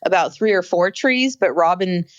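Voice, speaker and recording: A woman with a lowish voice co-hosts a podcast, recapping a reality show at a moderate pace in casual, animated chat. The lo-fi sound has no echo, and she exclaims over the show's frantic scenes.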